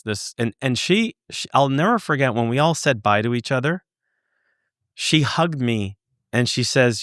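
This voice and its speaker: A man guest on a podcast, earnestly telling a story, halting and searching for words, swearing for emphasis. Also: medium pitch, expressive, fairly bright tone, dry recording, studio quality. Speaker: podcast guest, former UFO investigator. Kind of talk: conversational storytelling.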